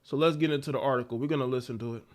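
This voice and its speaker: A man's voice: mid-range voice, fairly even intonation, rapid-fire, darkish tone. A man hosting a live stream, talking in loose, repetitive slang. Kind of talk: casual commentary.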